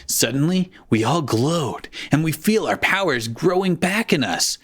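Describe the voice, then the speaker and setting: A man hosting a live comedic fanfiction reading, his voice mid-pitched and lively as it bounces up and down. He narrates at an unhurried pace and keeps slipping into giggles between the lines. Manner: giggly, laughs through the lines. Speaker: host and narrator.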